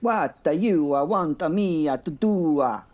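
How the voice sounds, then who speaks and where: A man voicing a dim, sarcastic male mercenary captain with a Cypriot accent, halting and full of uh and um. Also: a little high, lively intonation, darkish tone. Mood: dim, sluggish. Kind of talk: comic audio drama.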